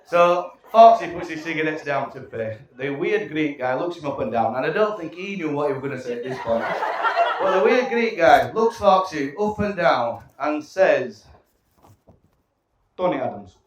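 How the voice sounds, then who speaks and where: A man's voice: a little high, animated, normal speed, crowd noise. A man, giving a cheeky, playful wedding speech with some swearing. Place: wedding reception hall. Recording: echoey hall from far off, loud room noise.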